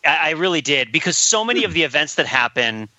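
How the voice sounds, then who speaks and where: Bright-voiced man musing about films. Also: a little high, very animated, a little fast, no echo, lo-fi sound. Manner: thoughtful, rambling, laughs often. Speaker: podcast co-host. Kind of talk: casual film discussion.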